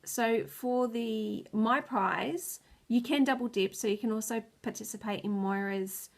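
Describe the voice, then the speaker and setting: A woman's voice: a little high, measured pace, gravelly. A woman talks casually through her knitting projects for a video podcast. She sounds tired and stressed, close to tears at times. She rambles, loses her words and laughs easily. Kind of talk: casual chat.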